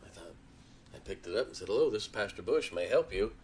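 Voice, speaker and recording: A pastor with a somewhat low male voice tells a story from the pulpit. He is folksy and animated, and he acts out the conversations he quotes. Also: fast talker, husky. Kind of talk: sermon storytelling.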